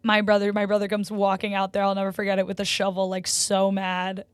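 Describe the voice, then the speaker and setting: A woman's voice: a little fast, smooth, dry recording. Chatty young woman, lots of "like". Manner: animated storyteller, many "like" fillers, gets loud and high when excited. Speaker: podcast co-host. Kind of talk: casual chat.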